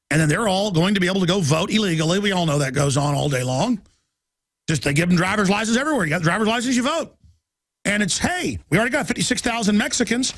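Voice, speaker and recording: Man, talk radio monologue, high voice, urgent and agitated, dry close sound. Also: dry recording. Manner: urgent, agitated, rising to shouts; reads headlines aloud rapidly. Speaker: radio host.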